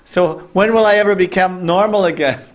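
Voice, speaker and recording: A man's voice: high voice, brisk, voice pushed up, close to an everyday voice. A man voicing a young female servant who begs for forgiveness in an apologetic plea. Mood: pleading. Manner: begging, apologetic. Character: pleading young woman servant cursed into a monkey.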